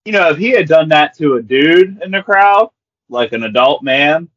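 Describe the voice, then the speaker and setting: A man's voice: fairly high pitch, animated, moderate pace, fairly bright tone, muffled recording. A man co-hosting a podcast, speaking hesitantly and thinking aloud. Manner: hesitant, reflective. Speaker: podcast co-host. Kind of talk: casual chat.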